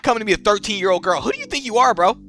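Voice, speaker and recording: A man's voice: sits high, huge pitch swings, very fast, sharp tone, faint music behind, pitched above the performer's own voice, heavily acted. A man doing a cocky tough-guy fighter. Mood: swaggering. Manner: brash, drawling "man" and "bro" endings.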